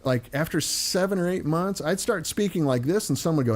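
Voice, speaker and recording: A man's voice: on the high side, animated, brisk. A man, chatting casually and joking with some swearing. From United States. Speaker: host. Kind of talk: casual chat.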